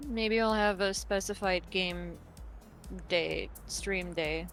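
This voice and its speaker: A woman's voice: fairly low pitch, takes it slowly, a bit bright, faint music behind. A woman chatting and laughing with friends on a voice call, playful and with casual swearing. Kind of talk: casual chat while drawing.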